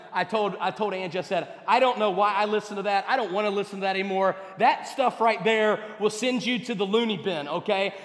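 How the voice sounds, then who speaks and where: A man preaching a sermon as pastor, emphatic, repeating words and swinging between loud and soft passages. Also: sits high. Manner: emphatic, with repeated words and rising and falling delivery. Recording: echoey hall with long reverb.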